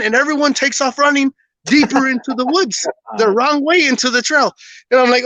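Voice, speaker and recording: Bright-voiced man telling a story. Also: very high-pitched, brisk, dry recording, rough recording. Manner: animated, laughs often, acts out dialogue. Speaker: guest telling a personal story. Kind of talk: casual storytelling on a podcast.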